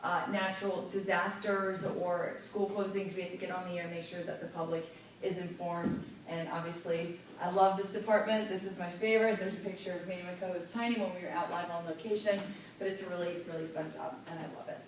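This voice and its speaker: A woman radio host teaching a class, lively and demonstrative, stressing clear enunciation. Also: lowish voice, a little fast, slight background noise. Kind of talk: classroom lesson. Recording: echoey room picked up from far.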